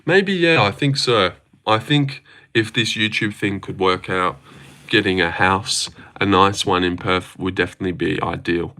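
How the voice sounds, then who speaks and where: A man's voice: deep voice, measured pace, bright, forceful tone. A young Australian man casually chatting on a livestream, answering chat questions with a laid-back, jokey manner. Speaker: streamer reading chat.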